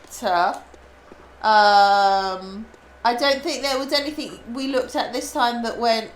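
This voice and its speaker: A woman's voice: fairly high pitch, takes it slowly, reverberant. A woman co-hosting a gaming stream, chatting frankly and casually and swearing now and then. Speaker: co-host. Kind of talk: casual chat.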